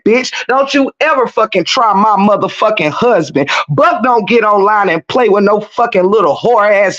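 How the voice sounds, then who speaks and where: A woman's voice: a little high, lo-fi sound. A woman delivering a profane, combative rant as an online commentator, taunting and cursing nonstop.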